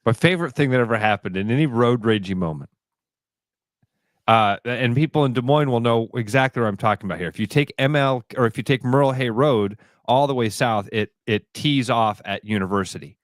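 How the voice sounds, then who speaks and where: A man's voice: medium pitch, a little fast, no echo, studio quality. A radio co-host, a man, telling stories in casual morning banter and acting out the people in them. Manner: animated storyteller, acts out quotes.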